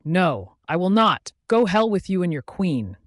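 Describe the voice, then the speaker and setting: A man's voice: sits high, big pitch swings, unhurried, fairly bright tone, no echo, clean studio sound, pitched above the performer's own voice, heavily acted. A man voicing a drunk, heartbroken young she-wolf who pleads and rages in a raised voice. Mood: defiant.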